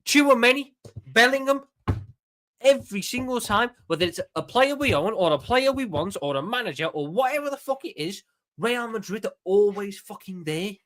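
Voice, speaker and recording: This host of a live watchalong stream is a man from Liverpool, England, speaking with a Scouse accent in a casual, animated way, often swearing and repeating words. His high voice is expressive, fairly bright, and at normal speed.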